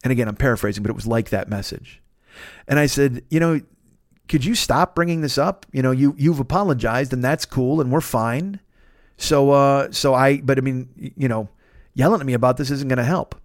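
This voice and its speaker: A man hosting a podcast, telling a long story in a profane, rambling, animated way. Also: mid-range voice, a little fast, no room sound, studio quality. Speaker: podcast host. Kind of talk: casual storytelling monologue.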